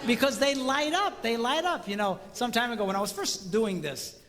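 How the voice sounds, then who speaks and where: A middle-aged man delivers a comedic talk to a live audience, jumping between acted-out voices and banter with the crowd. His voice is high and bright. It carries a long hall reverb with faint room noise behind it. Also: moderate pace. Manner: animated, acts out voices, jokes with crowd. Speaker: speaker on marriage.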